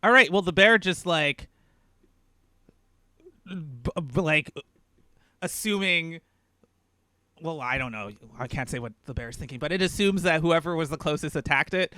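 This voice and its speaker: A man's voice: fairly high pitch, lively intonation, moderate pace, pauses often, sharp tone, dry recording, clean studio sound. A young man narrating as dungeon master in a casual tabletop game, talking loosely with many fillers and laughs.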